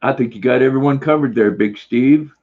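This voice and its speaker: An older man hosting a casual livestream, slowly reading out viewer comments and cooing fondly at his dog. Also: medium pitch. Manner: slow, folksy, reads comments aloud and coos at his dog. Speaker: livestream host. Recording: slightly dull lo-fi sound.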